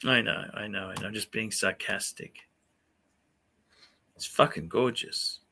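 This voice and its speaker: A man hosts a laid-back livestream, cursing freely and firing up with enthusiasm. His voice is strikingly bright and cutting. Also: lowish voice, a little slow, creaky, a little hiss or hum. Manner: swears constantly, excitable. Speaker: livestream host. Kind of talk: casual livestream chat.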